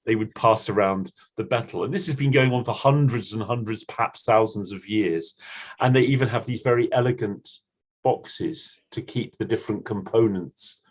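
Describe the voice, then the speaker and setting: A man hosting a story-sharing session, explaining a custom in a gentle, relaxed way. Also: lowish voice, normal speed. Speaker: storyteller and host. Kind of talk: casual storytelling chat.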